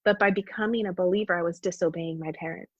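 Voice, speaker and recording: A woman's voice: lowish voice, fairly even intonation, quick pace, slightly rough, no echo. A woman telling a personal faith story as a podcast guest, earnest and heartfelt. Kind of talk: personal testimony in conversation. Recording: dull, dry podcast audio.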